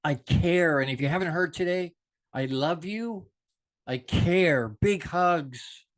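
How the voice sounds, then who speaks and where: A middle-aged man delivering an off-the-cuff motivational talk with fervent passion. His voice sits a touch high for a man, and he drops quiet and low for reflection, then surges up to push a point hard. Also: slow pace. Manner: passionate, preachy, swings from soft to emphatic. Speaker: motivational show host.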